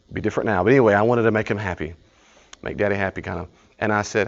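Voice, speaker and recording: A man teaches a live study group in an easy, storytelling style. His voice sits low, and he jumps into acted-out exchanges to make his points. The recording has a muffled, lo-fi sound. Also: steady tone, very fast, creaky. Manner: conversational storytelling, acts out dialogue. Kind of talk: live class lecture.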